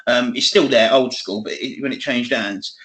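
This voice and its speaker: A man's voice: mid-range voice, fairly even intonation, moderate pace, a bit bright. A young man in his twenties chats on a podcast. He rambles from point to point, swears often and breaks into laughs. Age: 20s. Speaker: podcast co-host. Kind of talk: casual chat.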